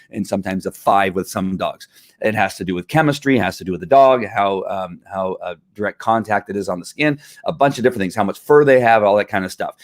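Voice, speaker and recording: A man's voice: lowish voice, no echo, clean studio sound. A man explaining dog training in a casual, emphatic way, now and then imitating barking dogs.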